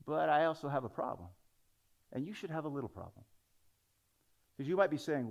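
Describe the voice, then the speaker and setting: A man's voice: on the high side, sing-song, brisk, vocal fry, highs cut off. A man preaching a sermon, talking conversationally and building into dramatic scripture readings.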